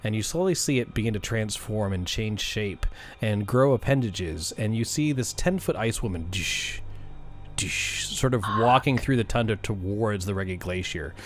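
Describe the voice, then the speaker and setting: A man's voice: fairly low pitch, lively intonation, moderate pace, slight background noise. A man running a tabletop game as dungeon master, narrating scenes with frequent fillers.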